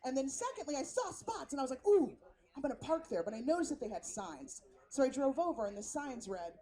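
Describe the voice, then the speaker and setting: A woman from San Francisco performs stand-up, brash and profane, storytelling with animation. Her voice sits high. She is on an outdoor festival stage, on a handheld mic. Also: very animated, fast, mellow. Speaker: stand-up comedian. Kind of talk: stand-up set.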